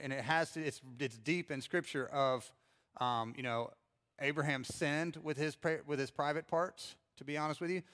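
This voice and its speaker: A middle-aged pastor preaching a sermon in a conversational way, with frequent fillers and restarts. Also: male voice, medium pitch, a bit bright.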